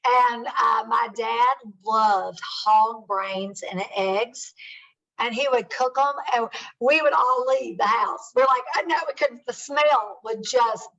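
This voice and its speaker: Woman guest from Kentucky, fairly high voice, chatty and candid, distant muffled call sound. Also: slow, vocal fry. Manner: warm, chatty, fond and candid. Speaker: author and guest. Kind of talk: casual interview chat.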